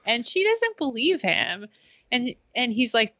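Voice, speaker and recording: A woman's voice: a little high, a little slow, dry recording, lo-fi sound. A young adult woman co-hosting a podcast, retelling TV scenes and acting out the lines, laughing as she goes. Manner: animated, acts out quotes, laughs. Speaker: podcast co-host. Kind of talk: casual chat recapping a TV episode.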